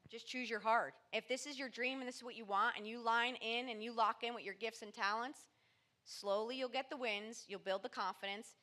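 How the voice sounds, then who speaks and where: A woman's voice: fairly high pitch, steady tone, fairly quick, pushed and bright. A woman mindset coach and motivational speaker in a podcast interview, talking in an emphatic, punchy motivational way.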